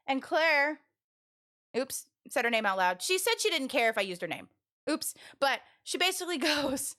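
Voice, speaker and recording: A young woman streamer chats with her viewers in a high, bright voice. She tells stories with lots of animation, breaking into laughter and tripping over her own restarts. It is casual and spoken straight to chat. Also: lively intonation, brisk.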